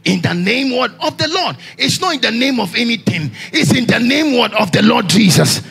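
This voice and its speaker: A man preaching a sermon as pastor, raising his voice in shouted, singsong lines and asking the congregation questions for them to answer. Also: very high-pitched, big pitch swings, moderate pace, creaky, breathy edge. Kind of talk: call-and-response sermon.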